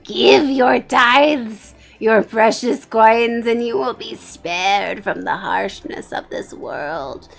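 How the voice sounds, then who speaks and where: A woman voicing a scheming male Gollum-like bishop, who preaches a sermon in a drawn-out, hissing, wheedling way. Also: a little high, creaky, faint music behind, exaggerated voice. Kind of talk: fire-and-brimstone sermon role-play.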